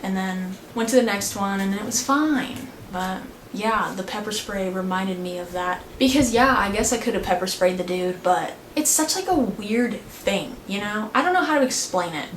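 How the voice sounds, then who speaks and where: A woman's voice: medium pitch, expressive, moderate pace. A young woman vlogger telling a story in casual chat, filling her talk with "like". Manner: chatty, frequent "like" fillers. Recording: echoey room with faint noise.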